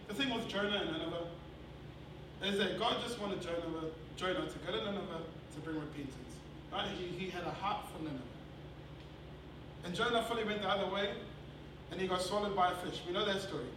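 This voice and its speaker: Kiwi man preaching, higher voice, lively storytelling, echoey hall, mic far off, background noise. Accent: New Zealand. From New Zealand. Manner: animated storytelling, swings between loud laughing bursts and quiet earnest passages. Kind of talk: sermon with personal story.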